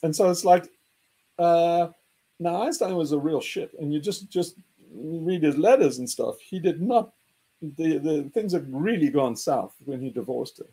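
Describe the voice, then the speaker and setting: A man hosting an animated group discussion, excitable and mocking, often laughing and jumping in pitch to act out quotes. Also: measured pace, breathy edge. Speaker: host.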